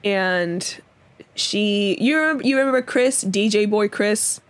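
A young woman co-hosting a podcast in casual chat, talking loosely with many fillers and quick laughs. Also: mid-range voice. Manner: chatty, lots of fillers and laughs. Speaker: podcast co-host.

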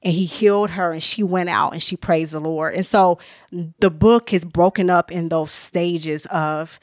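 A woman who is an author and minister appears as a podcast guest, giving a candid personal testimony about her faith in conversation. Her lowish voice is steady and unhurried, her manner earnest, emotional and casual, with many restarts. The recording is dry and studio quality.

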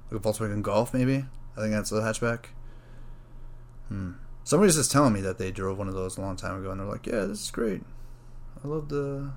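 A man hosting a solo podcast, rambling casually and thinking out loud, with plenty of swearing and filler words. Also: on the low side, fast, pauses often. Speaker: podcast host.

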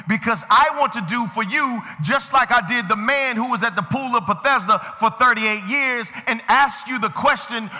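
A male pastor preaching a sermon, moving from easy conversational talk to shouted emphasis and calling out to members of the congregation by name. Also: extremely high pitch. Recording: long reverb of a large hall.

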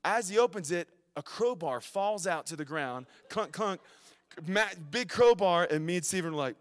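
A young adult man preaching a sermon, telling a story with lively swings from loud to hushed, stumbling and restarting often. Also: sits high, normal speed, in a large hall.

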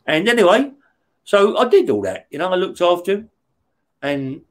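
A West London man with a London accent, formerly in prison, tells his story as an interview guest in a high, very animated voice at a moderate pace. His casual delivery is laced with swearing and frequent "yeah?" check-ins.

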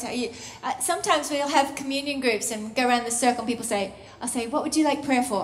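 A woman preaching a sermon in a soft, intimate, earnest way that often drops to a hush. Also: high voice, a little fast, hardly any pauses, slight background noise. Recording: roomy echo.

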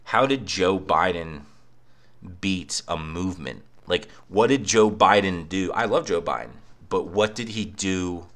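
Young guy, very low voice, cheap home mic, profane sarcastic rant. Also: measured pace, fairly bright tone. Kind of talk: casual rant. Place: apartment. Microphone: cheap microphone.

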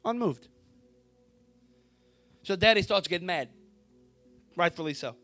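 A man preaching a sermon, telling a story with drama and swinging from a hushed voice to a shout. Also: medium pitch, fairly quick, dry recording, faint music behind. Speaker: pastor.

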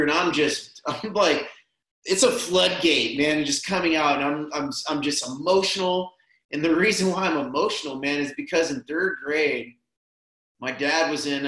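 A man telling a personal story in casual, rambling conversation, tossing in "man" and "dude" as he goes. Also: a little high. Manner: relaxed, rambling, peppers speech with "man" and "dude". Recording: roomy echo.

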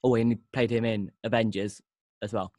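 A man's voice: lowish voice, steady tone, brisk, darkish tone, no room sound. A man hosting a casual podcast chat, talking enthusiastically and restarting often. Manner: enthusiastic, rambling, with frequent restarts. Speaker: podcast host.

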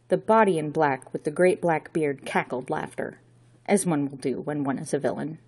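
Low, husky woman narrating. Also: normal speed, a little mellow. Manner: wry, storytelling delivery. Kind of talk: audiobook narration.

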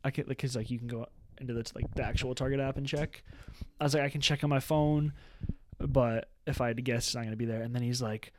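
A man's voice: medium pitch, steady tone, fast, slight background noise. Rambling young man telling a story. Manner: rambling storyteller, many restarts and "like". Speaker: podcast co-host. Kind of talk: casual chat.

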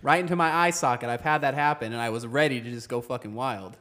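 A man in a casual group chat, telling a long story in an animated, loose way. His speech is heavy with profanity and broken by laughs. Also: mid-range voice, quick pace. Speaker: podcast co-host.

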